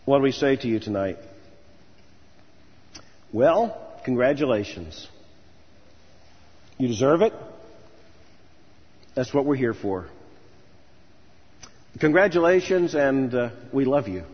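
A man's voice: medium pitch, animated, slow, long pauses, husky. A man preaching an earnest commencement sermon, telling stories and building to emphatic lists. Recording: dull sound with long hall reverb.

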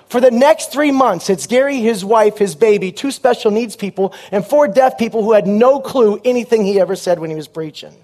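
A man preaching a sermon as a comic story, punchy and animated, with quick asides to the crowd. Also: extremely high pitch.

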